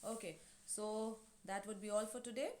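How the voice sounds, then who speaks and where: A woman teacher explains a play to her class slowly, restating things with many fillers. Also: medium pitch, fairly even intonation, a little mellow, echoey room. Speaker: English teacher.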